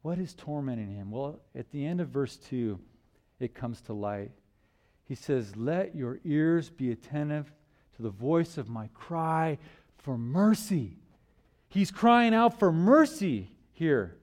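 Male preacher, slightly high voice, emphatic sermon delivery with rhetorical questions, from loud stress to near murmurs. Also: animated, slow. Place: church.

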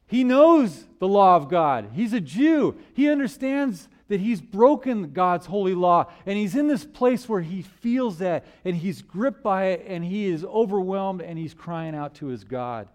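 Male preacher, slightly high voice, emphatic sermon delivery with rhetorical questions, from loud stress to near murmurs. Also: animated, unhurried, hardly any pauses. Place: church.

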